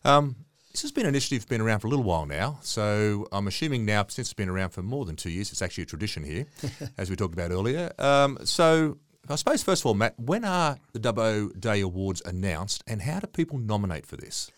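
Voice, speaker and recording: A man's voice: on the low side, animated, fast, few pauses, dry recording, clean studio sound. A man with a New Zealand accent, a radio host who chats, tells short stories and affirms his guest often. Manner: chatty, affirming, storytelling. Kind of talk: radio interview.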